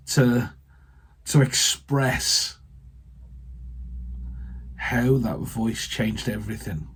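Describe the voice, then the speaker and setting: A British man, a vicar, giving a heartfelt personal faith testimony that halts and often trails off softly. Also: lowish voice, creaky, slightly rough.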